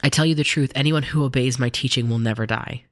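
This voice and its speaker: A man voicing a calm, authoritative male teacher, in a steady, earnest scripture reading. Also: medium pitch, fast, no echo, clean studio sound, lightly acted.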